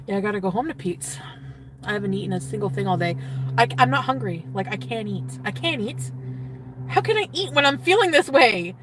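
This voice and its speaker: A woman's voice: medium pitch, very animated, brisk, a bit bright, a little hiss or hum. A woman streamer chatting casually, giddy and gushing, often trailing off and laughing. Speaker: livestreamer. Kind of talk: casual livestream chat.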